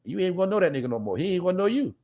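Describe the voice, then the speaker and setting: Man, fairly high voice, blunt profane rant, rambling, laughs a lot, live-stream host. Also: sing-song, rapid-fire, mellow. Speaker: podcast host.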